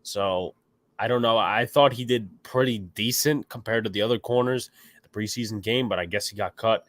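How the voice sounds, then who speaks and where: A man's voice: on the low side, normal speed, a bit bright, dry recording, studio quality. Stuffy-nosed man, opinionated podcast host. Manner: opinionated, rambling, reads chat comments aloud. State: stuffy nose. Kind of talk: casual solo sports podcast.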